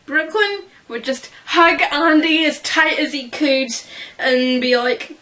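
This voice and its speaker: A woman's voice: sits high, slow, sharp tone, low-quality recording. A young woman vlogging casually as a fan, rambling and giggling at herself. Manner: giggly, rambling, self-deprecating. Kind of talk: casual chat.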